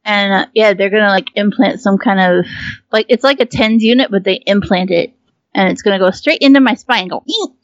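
A woman co-hosting a casual podcast, chatty and quick to laugh, acting out what other people said. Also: mid-range voice, no room sound, muffled recording. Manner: chatty, laughs often, acts out quoted people. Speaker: podcast co-host. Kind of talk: casual chat.

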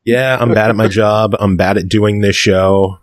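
Low-voiced joking podcast host, man. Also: fairly even intonation, moderate pace, no echo, studio quality. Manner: profane, joking, laughs easily. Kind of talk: casual chat.

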